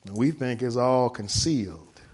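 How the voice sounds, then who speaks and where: A man preaching a sermon. He reads from a text and explains it, and he often stops to ask "right?" His voice swings from hushed to loud, and he draws out the key words. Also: mid-range voice, unhurried, breathy edge.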